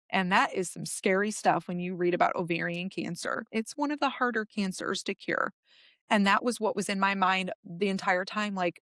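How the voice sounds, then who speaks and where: A woman's voice: mid-range voice, fairly bright tone, dry recording, studio quality. A young adult woman, a podcast guest, tells an emotional personal story and acts out her own past words.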